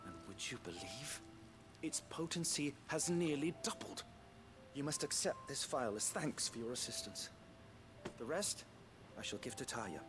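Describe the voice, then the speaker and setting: A man's voice: medium pitch, animated, measured pace, music in the background, lightly acted. An actor playing a formal, pompous male plant scholar in a video game, speaking in a florid way.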